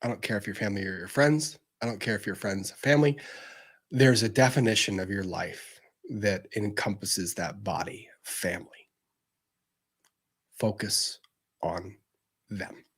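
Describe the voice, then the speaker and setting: A man hosting a show, delivering a heated, profane rant that swings between loud outbursts and low, intense repetition. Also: a little slow, long pauses, husky. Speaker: show host. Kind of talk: ranting commentary.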